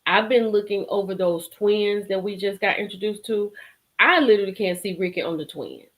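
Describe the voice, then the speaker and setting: A woman with a mid-range voice hosts a live stream show, speaking fairly quickly. She's animated, laughs often, reads viewers' comments, and chats with them using Southern-style slang.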